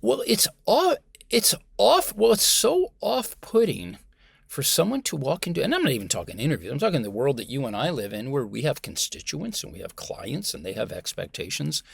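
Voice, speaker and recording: An American man, a communication professor, talking as a guest in a conversational interview, animated and emphatic. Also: on the high side, normal speed, creaky, slightly rough, dry recording. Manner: animated and emphatic, acts out example voices.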